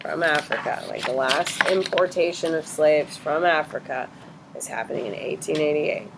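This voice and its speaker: A woman teacher in a classroom, questioning students briskly and bluntly correcting their answers. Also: low-pitched, background noise.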